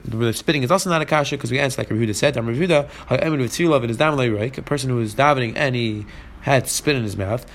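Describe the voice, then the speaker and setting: A man's voice: mid-range voice, racing. A man teaching a Talmud class, translating phrase by phrase as he goes. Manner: translating each phrase and mixing in Hebrew and Aramaic terms.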